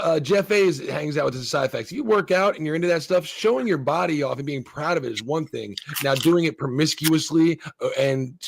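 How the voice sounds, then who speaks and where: A man's voice: a little high, creaky, dry recording, clean studio sound. A man co-hosting a casual podcast, giving opinions in a rambling way with restarts. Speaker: podcast co-host. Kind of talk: casual chat.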